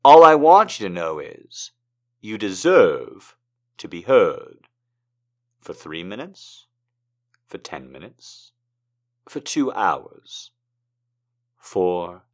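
Low-voiced, a poetry reader alternates between his poems and jokes, shifting from slow, theatrical delivery to quick, excited, foul-mouthed banter. It's a casual reading with commentary between pieces.

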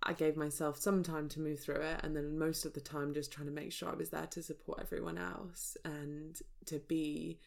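Woman vlogger, low flat voice with gravel, candid personal storytelling to camera. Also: moderate pace, few pauses. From England. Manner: raw, reflective, searching. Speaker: spiritual vlogger.

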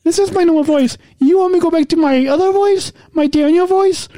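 A man putting on a squeaky high teasing voice. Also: brisk, dark tone, no echo. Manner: playful, teasing, repetitive. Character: man's squeaky high-pitched joke voice, teasing.

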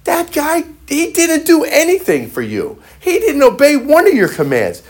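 A preacher voicing a resentful, self-righteous young elder brother who is complaining indignantly. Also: male voice, very high-pitched, huge pitch swings, moderate pace, voice pushed up, heavily acted.

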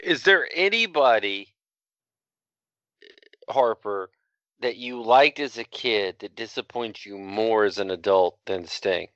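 A man's voice: fairly low pitch, expressive, slow, long pauses, fairly bright tone, dry recording, lo-fi sound. A man hosting a casual podcast, blunt and sarcastic. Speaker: podcast host. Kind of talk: casual chat.

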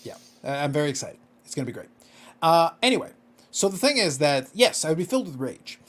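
A man's voice: on the high side, big pitch swings, fast talker, a bit bright. A man co-hosting a casual podcast chat, ranting with profanity and disbelief. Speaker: podcast co-host.

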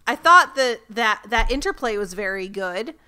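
A woman's voice: on the high side, lively intonation, moderate pace, bright, forceful tone, smooth. A young woman co-hosting a casual TV recap chat, thoughtful, retelling scenes with little laughs. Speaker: podcast co-host.

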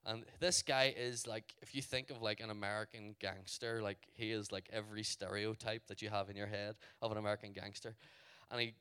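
A man with a Northern Irish accent tells a story to young listeners. His voice is forceful and crisp. He talks in an animated, chatty way and keeps dropping in "like". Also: on the low side, brisk. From Northern Ireland. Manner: animated storyteller, full of "like" fillers. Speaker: youth event speaker. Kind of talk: storytelling talk to a youth audience.

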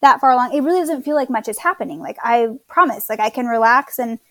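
A woman's voice: fairly high pitch, fast, dry recording. Chatty young woman, dry close sound. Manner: chatty, quotes others, laughs at herself. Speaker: guest telling her birth story. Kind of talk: casual storytelling.

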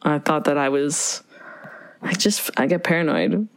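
A woman's voice: low-pitched, unhurried, no room sound. A young woman co-hosting a podcast, chatting casually and giggling often. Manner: giggly, lively, talks over her friend. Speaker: podcast co-host. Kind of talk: casual chat.

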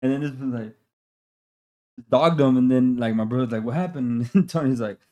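A man's voice: mid-range voice, brisk, mellow, dull audio. A man telling a story in casual chat, hesitant and full of "uh" fillers.

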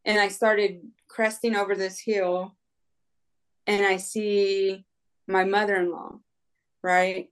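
A woman from the United States recounts a long race in relaxed conversation, her voice sitting at an ordinary middle pitch. She laughs easily and keeps dropping in "like" and "right?" as she talks. She slips into quoting her own thoughts as she tells it. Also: takes it slowly, long pauses, clean tone. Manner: chatty, laughs often, acts out her own inner voice; frequent fillers like "like" and "right?". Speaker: guest, ultra-runner. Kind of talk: casual storytelling.

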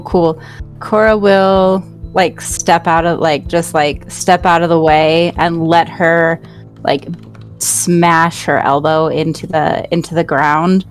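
A woman playing a tabletop game, loosely describing her character's actions with lots of fillers. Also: on the low side. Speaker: player. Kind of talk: casual tabletop play.

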